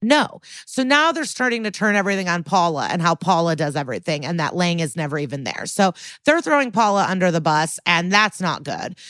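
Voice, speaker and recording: Woman co-host, lowish voice, dry close sound; chatty, blunt, curses a lot. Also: a little fast, hardly any pauses, no room sound. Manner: animated, blunt, swears freely, many likes and ums. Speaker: podcast co-host. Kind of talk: casual recap chat.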